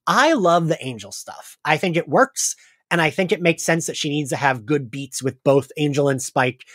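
A man's voice: on the high side, animated, moderate pace, fairly bright tone, husky, no room sound, studio quality. A podcast host in casual chat, a little congested, telling stories and acting out what his friends said. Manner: chatty storyteller, acts out quoted friends. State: congested from crying.

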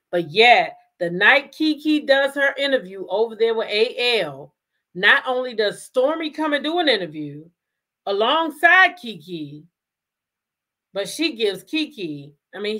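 A woman's voice: mid-range voice, sing-song, a little slow, pushed and bright. Emphatic woman host firing rhetorical questions. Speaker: commentary host. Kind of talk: casual drama commentary.

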